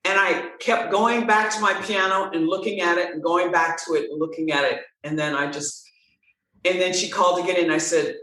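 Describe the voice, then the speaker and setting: A woman guest telling a story in an interview, animated and acting out the dialogue. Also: on the low side, moderate pace, recorded from a distance. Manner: animated, expressive storyteller who acts out dialogue. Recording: roomy sound, from off-mic.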